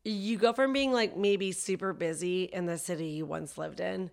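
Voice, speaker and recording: A woman comedian chatting as a podcast guest, self-deprecating and quick to laugh, with a dry, coughing throat. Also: fairly low pitch, creaky. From Canada. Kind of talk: casual podcast chat.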